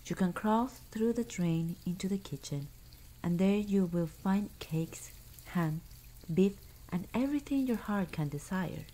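Woman reader doing a plucky tiny boy, whispered role-play, mellow and soft. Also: mid-range voice, a little slow, natural voice. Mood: cheeky.

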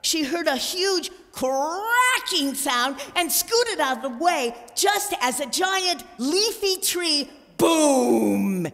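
A woman reading a children's storybook aloud in a concert, with expressive, animated storytelling. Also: very high voice, takes it slowly, hardly any pauses, big-room sound.

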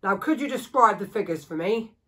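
Female reader voicing a loud barking grumpy old woodcarver, gruff and dismissive. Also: medium pitch, expressive, a little fast.

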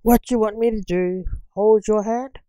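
A woman's voice: on the high side, lively intonation, a little slow, mellow, dry recording, voice pushed up. Woman voicing a grumpy, snappish old doctor. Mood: irritable. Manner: snappish, moaning complaints. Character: grumpy older male doctor, impatient. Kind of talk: amateur story reading.

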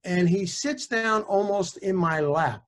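A man in his sixties, a chiropractor and author, telling personal anecdotes in a casual, animated way. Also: sits high, slow. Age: 60s. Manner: animated, conversational, with small restarts.

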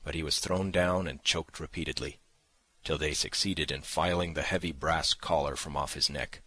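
A man reading a classic novel as audiobook narration, measured and dramatic, on a close mic. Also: rumbling low, fairly even intonation, bright, forceful tone, slightly rough, no echo. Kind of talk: scripted narration.

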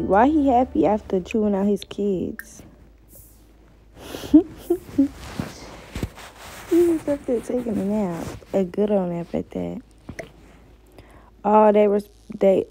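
A woman's voice: medium pitch, slow pace, pauses often, warm tone, slight background noise, low-quality recording. A woman giving casual, slangy commentary while playing a game and talking to her viewers. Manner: slangy, chatty, talks to viewers. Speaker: gamer.

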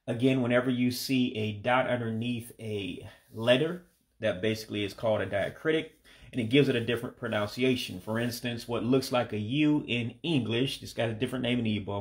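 A man in his forties from the United States teaches a relaxed, homemade language lesson. He talks casually with plenty of fillers and restarts. He says each new word slowly and repeats it, in a middle-pitched, everyday voice. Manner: relaxed, hesitant, many fillers, repeats words slowly for practice. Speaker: language learner teaching vocabulary.

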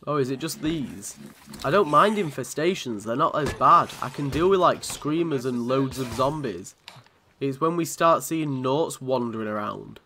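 A man's voice: medium pitch, lively intonation, normal speed, bright, forceful tone, slight background noise. A man from commentating on a video game in a chatty, sweary way, often laughing. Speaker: gaming channel host.

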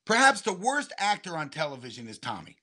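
A man's voice: fairly high pitch, huge pitch swings, a little fast, sharp tone. A man ranting heatedly in a casual chat, often repeating his words. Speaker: co-host.

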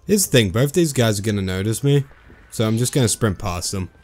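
A man giving jokey let's-play commentary, excitable and breaking into sudden high yelps. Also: a little fast, a little hiss or hum. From Australia. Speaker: gaming YouTuber.

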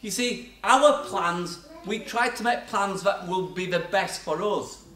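Taking it slowly, an older man preaches a sermon in a church hall in a high-pitched voice that sounds pushed and bright. He shares chatty anecdotes from his life, laughing at himself, and the echoey church sound comes from a distance.

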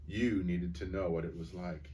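A man voicing a great, wise, gentle male lion who speaks solemnly and in a measured way, in a storybook read-aloud. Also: sits low, steady tone, a little hiss or hum, pitched below the performer's own voice, lightly acted.

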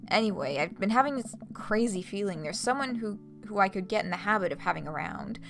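A woman voicing a soft-spoken man, weary after a breakup, reading the game's lines aloud in a slightly lowered, subdued tone. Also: animated, a little fast, creaky, soft background music. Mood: weary, sincere. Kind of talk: reading game dialogue aloud.

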